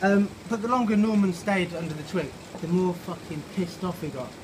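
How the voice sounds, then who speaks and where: Outside a pub, over loud outdoor noise, a man with a high, brisk voice reads aloud a children's story he wrote. He's tipsy and improvising, swearing and laughing as he goes.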